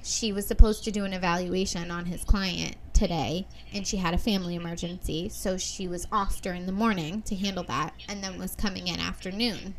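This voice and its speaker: A young woman co-hosting a casual podcast, telling a work story with lively acted-out quotes and frequent laughs. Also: fairly low pitch, fairly quick, few pauses, slight background noise. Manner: animated storyteller, acts out quotes, swears, laughs often. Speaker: podcast co-host.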